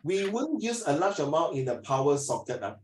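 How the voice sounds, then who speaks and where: A middle-aged man with a Malaysian English accent teaching an English lesson, lively and lecturing, mixing in Mandarin. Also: on the high side, fairly quick, roomy sound, over a noisy crowd, rough recording. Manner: animated, switches between English and Mandarin, lectures and acts out scenes. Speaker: English tutor. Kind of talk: classroom lesson.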